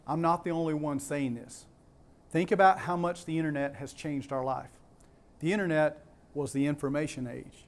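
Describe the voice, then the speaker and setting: A man with a Southern US accent giving a keynote talk to a live audience, emphatic, repeating key words and putting questions to the crowd. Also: on the high side. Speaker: conference speaker.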